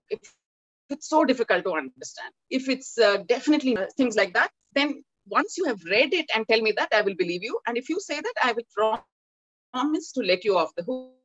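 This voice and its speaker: Woman telling an animated story. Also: mid-range voice, dry recording, highs cut off. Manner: acts out dialogue in lively quoted voices. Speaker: author giving a talk.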